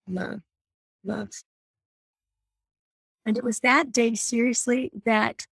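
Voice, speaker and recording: A woman's voice: mid-range voice, creaky, no room sound. A middle-aged woman telling personal stories about motherhood and faith in an earnest, storytelling way. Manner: warm, earnest storytelling with self-deprecating laughs.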